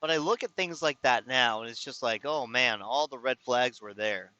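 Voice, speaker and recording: A man's voice: medium pitch, moderate pace, bright, forceful tone, dry recording, lo-fi sound. A man telling a personal story to his viewers in a casual, rambling way, often exasperated and restarting his sentences. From California. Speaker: vlogger.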